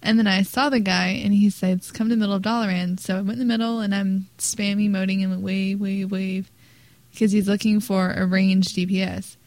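A chatty woman co-hosting a casual gaming podcast. She talks at a middle pitch and laughs as she tells her stories. The recording is dry and close, with no room sound. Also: little pitch movement, quick pace, hardly any pauses, a little mellow, no echo, low-quality recording. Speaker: podcast co-host.

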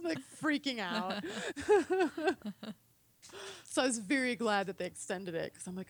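A woman's voice: mid-range voice, lively intonation, normal speed, no echo. A young woman in casual chat as a podcast guest, laughing often and acting out her own reactions. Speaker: podcast guest from a gaming website.

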